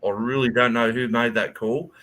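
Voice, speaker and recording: A man's voice: mid-range voice, moderate pace. A young man casually telling a story in online voice chat, swearing and acting out what people said. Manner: animated, swearing, acts out quotes. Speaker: host.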